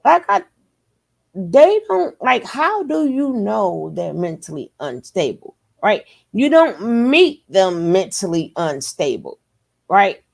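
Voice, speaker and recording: Slow, gravelly woman doing reaction commentary. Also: mid-range voice, big pitch swings. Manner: emphatic, conversational. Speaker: reaction channel host.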